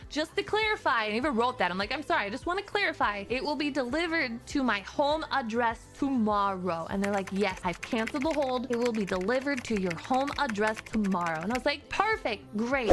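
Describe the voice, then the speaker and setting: A woman streamer with a fairly high-pitched voice tells a frustrating story in a casual, animated rant. Exasperated, she acts out both sides of the conversation.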